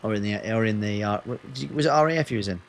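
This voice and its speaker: A man's voice: fairly low pitch, very fast, soft background music. Man chatting on a game stream. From Northwest England. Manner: chatty, banters with chat, swears. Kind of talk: casual gaming stream chat.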